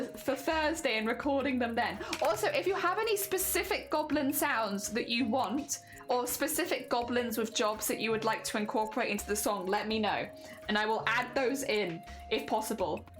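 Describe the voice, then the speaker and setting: High-pitched woman chatting on stream, giggly, bit of music playing behind. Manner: chatty, giggly, self-deprecating. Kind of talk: casual live-stream chat.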